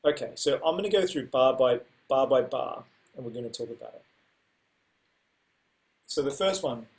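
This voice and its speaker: A man teaching music in a casual way, stepping through rhythms by voicing them on repeated syllables with loud and soft accents. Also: mid-range voice, animated, moderate pace. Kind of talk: casual instructional talk.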